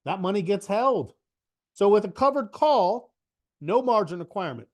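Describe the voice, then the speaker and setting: A man's voice: sits high, expressive, moderate pace. A man teaching options trading in a casual live online class, chatty and joking, with rambling asides.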